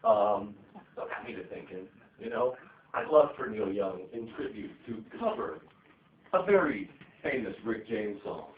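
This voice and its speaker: A man's voice: lowish voice, animated, moderate pace. Rambling, profane man on a comedy stage. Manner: rambling, profane, loose with fillers. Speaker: stand-up comedian. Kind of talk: stand-up set. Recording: echoey, tinny, distant live recording.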